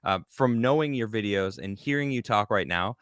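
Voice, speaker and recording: A man hosting a podcast interview, chatting casually in an animated, agreeable way and chiming in often. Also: lowish voice, normal speed, smooth, no echo, clean studio sound. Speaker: podcast host.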